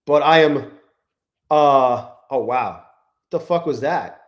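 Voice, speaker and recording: A young man talks loosely and profanely to his live audience as he trades, his voice sitting fairly high. He keeps greeting chat viewers by name between remarks. The room around him rings with echo. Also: slow. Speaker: live-stream trading host. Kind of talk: casual live-stream chat. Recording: echoey room.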